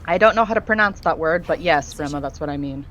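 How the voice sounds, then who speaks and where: A woman's voice: sits low, fast talker, a bit bright, dull audio, a little hiss or hum. Blunt, swearing woman co-streamer. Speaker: co-streamer reading chat. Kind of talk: casual live-stream chat.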